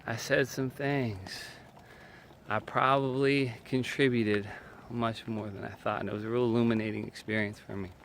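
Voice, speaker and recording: Gravelly man giving an earnest talk. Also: mid-range voice, steady tone, moderate pace, a bit bright, slight background noise. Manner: emphatic, repeats short phrases, often says "man"; speaks from personal experience, faith-based. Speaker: video speaker on relationships. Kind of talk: earnest personal teaching talk.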